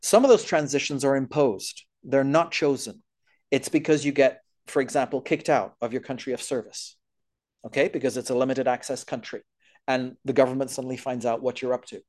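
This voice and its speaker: A man's voice: medium pitch, steady tone, a little fast, darkish tone. A man giving an earnest talk on missionary care, working through a list of points. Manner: earnest, explanatory, lists points. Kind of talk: church talk.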